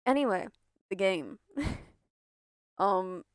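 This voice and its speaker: A woman's voice: mid-range voice, expressive, takes it slowly, clean tone, no echo. A young woman streaming a game, chatting in a rambling way, swearing and laughing often. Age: young adult. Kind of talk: casual gameplay chatter.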